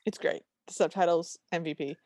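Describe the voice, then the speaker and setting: Wry, low-voiced woman podcaster. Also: steady tone, fairly quick, darkish tone, no room sound. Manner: dry, wry storytelling with quoted lines. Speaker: podcast co-host. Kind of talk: casual movie recap chat.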